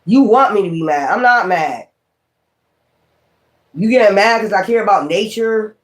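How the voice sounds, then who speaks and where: Male tarot streamer with a high voice, delivering a profane, confrontational rant full of repetition. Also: normal speed. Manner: profane, confrontational, repeats himself. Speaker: tarot reader. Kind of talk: livestream rant.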